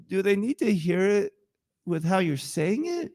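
Animated high-voiced young male preacher. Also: measured pace. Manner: animated, conversational, joking asides. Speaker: pastor. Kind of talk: sermon.

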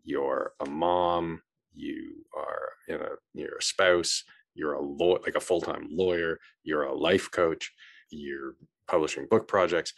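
A male host with a very low voice, asking his guest thoughtful questions. He hedges and frames each question with care, and the sound is dry and close. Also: fairly even intonation, slow pace, vocal fry, no echo. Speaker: interviewer, host. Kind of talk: conversational interview questions.

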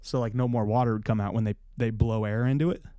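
A man's voice: on the low side, steady tone, fast, mellow, no room sound, clean studio sound. A young man telling a story on a podcast in casual chat, swearing freely and acting out what others said in a raised voice. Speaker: podcast co-host.

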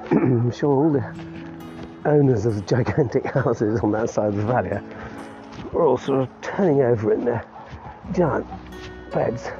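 A man's voice: mid-range voice, measured pace, long pauses. A man in his fifties rambling on about his day for his podcast while walking his dog outdoors, laughing often and restarting his sentences. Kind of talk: rambling casual monologue. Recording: muffled recording with clear music behind.

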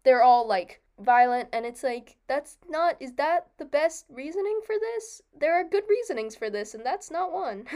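Young female co-host, slightly high voice, chatty, laughs often, restarts mid-thought. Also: very animated, normal speed, a little mellow. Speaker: podcast co-host. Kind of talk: casual book discussion.

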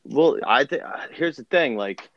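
A man's voice: medium pitch, animated, normal speed, a bit bright, dry recording, lo-fi sound. A young man appearing as a guest on a sports podcast, rambling and hesitant, full of fillers. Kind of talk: casual sports chat.

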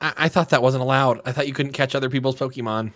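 A man's voice: medium pitch, steady tone, fast, fairly bright tone. A man playing a tabletop game, joking wryly with the others. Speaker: player. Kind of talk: casual play at a tabletop game.

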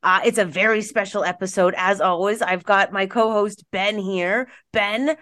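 A woman's voice: mid-range voice, steady tone, normal speed, a bit bright. A woman hosting a podcast in casual chat, bubbly and rambling with lots of filler words. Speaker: podcast host.

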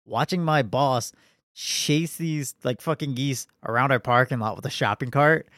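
A man's voice: medium pitch, moderate pace, a bit bright, no echo, studio quality. A young man co-hosting a podcast, telling rambling, profanity-filled stories in casual chat. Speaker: podcast co-host.

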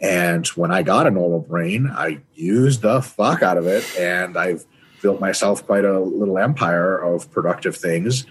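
A man's voice: deep voice, unhurried, husky. A man, a guest on a casual podcast, talking with profanity and emphasis.

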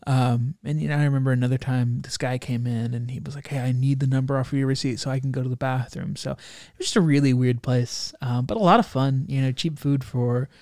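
A man's voice: mid-range voice, fairly even intonation, quick pace, few pauses, darkish tone, dry recording, clean studio sound. A young man in casual chat, animatedly telling a funny travel story and acting out the people in it.

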